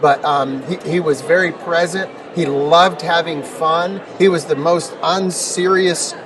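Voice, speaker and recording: A man's voice: a little high, fairly even intonation, measured pace. Middle-aged man, emphatic storytelling, distant mic, noisy background. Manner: emphatic, repeats words, builds rhetorical questions. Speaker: guest. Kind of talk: conversational storytelling interview. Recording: distant mic with noticeable noise.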